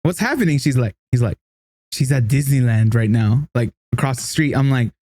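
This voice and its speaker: A man co-hosting a casual podcast, telling a story with lots of laughter and acted-out quotes in a higher voice. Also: fairly even intonation, normal speed, warm tone, no echo. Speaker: podcast co-host.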